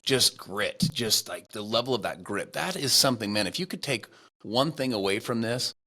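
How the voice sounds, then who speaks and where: A man's voice: on the low side, animated, normal speed, bright, forceful tone. A man hosting a podcast, talking enthusiastically and turning to address his listeners directly. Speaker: podcast host. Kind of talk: casual interview talk.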